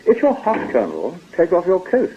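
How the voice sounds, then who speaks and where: An actor playing an urbane male government agent in a radio drama, speaking with dry, calm courtesy. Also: high voice, normal speed, a little hiss or hum. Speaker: civil servant. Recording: dull lo-fi archive radio recording.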